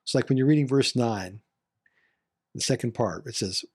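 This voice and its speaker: A man's voice: medium pitch, normal speed, pauses often, darkish tone, slightly rough, dry recording, clean studio sound. A man in a bible study discussion who talks reflectively and leans on certain words for emphasis. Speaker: discussion panelist.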